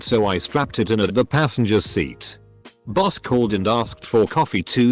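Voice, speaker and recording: A man narrating read-out stories in an even, matter-of-fact way. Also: on the low side. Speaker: narrator reading online posts. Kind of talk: scripted narration.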